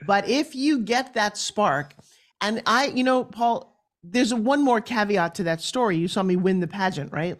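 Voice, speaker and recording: A woman's voice: mid-range voice, expressive, normal speed. A woman from New York with a New York accent, a podcast guest telling her life story in a blunt, emphatic way. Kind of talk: candid interview storytelling.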